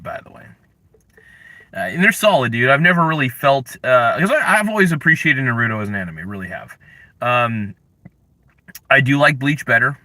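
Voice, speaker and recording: A young man hosts a casual livestream, grumbling in mock anger between sudden yelps. His voice is bright and sharp, and his pitch swings widely. The close mic sounds dry, with no room echo. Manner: animated, mock-angry rants with sudden yelled bursts. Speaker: livestream host.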